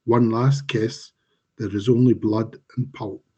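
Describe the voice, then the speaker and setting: An author reads his own dark fantasy fiction aloud on a live stream through a home mic, slow, measured and dramatic. His voice is mid-range and steady, with a breathy edge.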